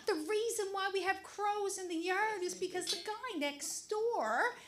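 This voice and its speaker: A middle-aged woman telling a funny personal story on stage to a live audience, animated and acting out the crows' caws. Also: very high-pitched, measured pace. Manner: animated, mimics crow caws.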